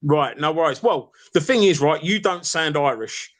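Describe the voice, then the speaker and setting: High-voiced, insistent East London man. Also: expressive, normal speed. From England. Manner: lecturing, insistent, calls listener mate and fella. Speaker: live stream participant. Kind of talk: heated casual argument.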